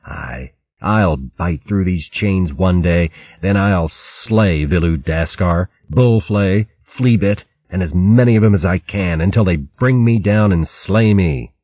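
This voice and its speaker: A scarred, fearless female squirrel warrior from a storybook, voiced by a man. She speaks in grim, steady vows of vengeance with a husky, low-set voice. The recording is dry and slightly dull. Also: slow, no echo. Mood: vengeful.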